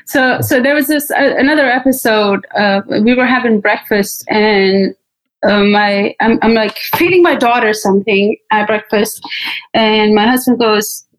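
A young woman from Pakistan recounts her life as an interview guest. She speaks in a candid, animated way with a slightly high voice and slips into the voices of people she quotes. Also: a little slow, rough recording. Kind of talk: personal story in conversation.

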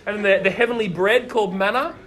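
Male preacher, high voice, lively storyteller. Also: a little fast. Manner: animated storytelling, asks the listeners questions. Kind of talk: sermon.

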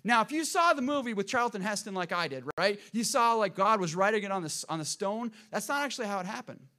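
Pastor, male, high voice, dynamic sermon delivery with loud peaks and quiet drops. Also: animated, fast. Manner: dynamic preaching, swings between loud emphasis and hushed lows.

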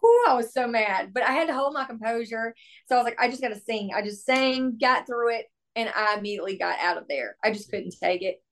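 A young adult country singer-songwriter tells stories in a casual interview, animated and exclamatory, acting out the dialogue. Her voice is fairly high and she talks fast.

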